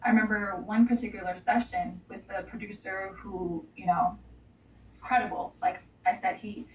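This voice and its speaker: A woman's voice: mid-range voice, fairly even intonation, moderate pace, far from the mic. A young adult woman giving a candid, emotional personal testimony in an interview, with casual slang. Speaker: interview guest. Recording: roomy sound, voice off-mic.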